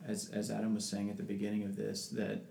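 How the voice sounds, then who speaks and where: A man's voice: fairly low pitch, completely flat delivery, fast, gravelly, warm tone. A man in casual religious discussion who talks thoughtfully with many restarts and reads scripture aloud. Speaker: podcast co-host. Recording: echoey room with background noise.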